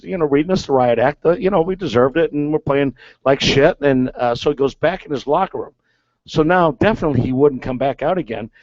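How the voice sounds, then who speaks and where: A man's voice: fairly high pitch, no echo. Rambling man telling clubhouse stories. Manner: rambling, filler-heavy with many "okay"s. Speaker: former ballplayer guest. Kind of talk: casual storytelling. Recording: dull lo-fi sound.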